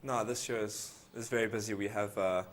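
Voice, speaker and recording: A man's voice: on the low side, steady tone, a little fast, a little hiss or hum. A man answering interview questions about his racing schedule in a plain, matter-of-fact way. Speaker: athlete guest.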